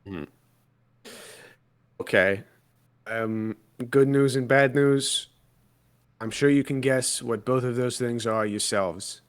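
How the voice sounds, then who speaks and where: A man's voice: medium pitch, slow, long pauses. A man playing a tabletop role-playing game, chatting casually with dry, sarcastic banter.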